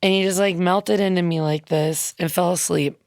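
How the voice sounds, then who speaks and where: Woman, low gravelly voice, chatty heartfelt storytelling, dry close studio sound. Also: fairly even intonation, moderate pace, darkish tone, no echo. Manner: chatty, heartfelt, loose with ums and quoted asides. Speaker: musician guest. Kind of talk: casual interview storytelling. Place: radio studio.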